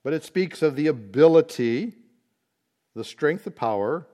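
A man teaching a Bible study, explaining word meanings slowly and deliberately, with occasional fillers. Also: fairly high pitch, expressive, mellow.

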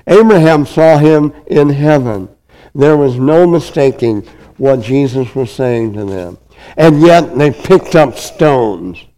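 A man's voice: medium pitch, mellow, smooth, rough recording. A man preaching a sermon with an emphatic, repetitive cadence.

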